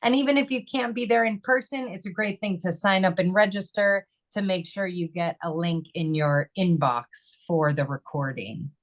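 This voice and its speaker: A woman with a somewhat low voice hosts an online webinar over a video call. She talks in an upbeat, conversational way as she goes through closing announcements and a donation appeal. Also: normal speed, hardly any pauses. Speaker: webinar host.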